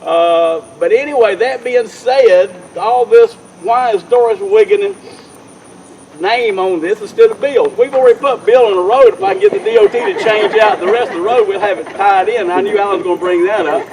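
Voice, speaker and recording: At an outdoor park dedication, a man speaking as mayor gives an informal speech, telling a folksy, rambling story and often restarting his sentences. His voice is high and expressive at a normal speed, with a darkish tone, and the audio is poor.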